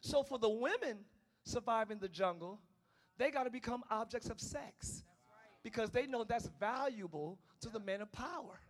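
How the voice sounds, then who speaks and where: A male pastor preaching a passionate sermon, swinging between shouting and hushed tones and talking straight to the congregation. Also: very high-pitched, lively intonation, normal speed. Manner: talks directly to the congregation, calling them y'all.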